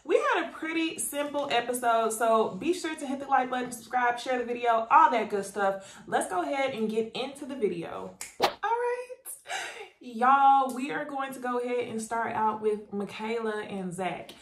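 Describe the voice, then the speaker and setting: A woman's voice: a little high, normal speed, reverberant, slight background noise. A woman giving a casual, chatty recap of a reality TV episode, talking straight to her viewers. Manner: chatty, animated, addresses viewers as y'all. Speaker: YouTube reality TV reviewer. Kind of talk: casual recap commentary to camera.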